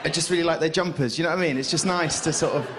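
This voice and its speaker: A man's voice: a little high, very fast, heavy background noise. A young man doing a stand-up set on a club stage, rambling and hesitant with lots of restarts. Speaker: stand-up comedian.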